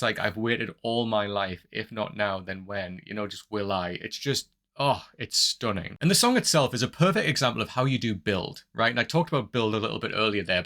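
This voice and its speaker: A man talks through a song he loves in casual reaction commentary, his voice sitting at an ordinary middle pitch. He gushes with praise, leaning on fillers as he goes. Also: fairly bright tone. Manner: enthusiastic, gushing praise with many fillers; upbeat sign-off plea to viewers. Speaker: music reaction YouTuber.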